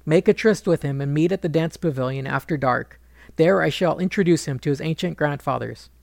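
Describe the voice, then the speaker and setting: A man's voice: fairly high pitch, brisk, gravelly, no echo, studio quality. A man voicing a fierce, devoted warrior. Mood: vengeful. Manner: vows and threats, boastful.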